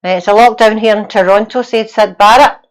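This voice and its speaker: A woman's voice: medium pitch, fairly even intonation, fairly quick, low-quality recording. A woman co-hosting a casual live fan show, chatty and reading out viewers' names. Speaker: co-host.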